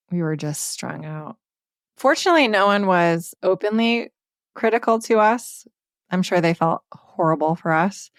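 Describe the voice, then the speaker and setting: A woman with a slightly low voice tells a story on a podcast, frank and animated, and she swears casually. The sound is dry and close, with no room echo. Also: vocal fry. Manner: candid, swears freely, animated retelling. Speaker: podcast co-host.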